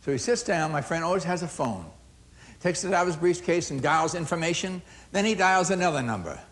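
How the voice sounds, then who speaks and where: A middle-aged man giving a storytelling talk on customer service, acting out dialogue and swinging from loud to hushed. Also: fairly high pitch, expressive, brisk. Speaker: motivational speaker on customer service.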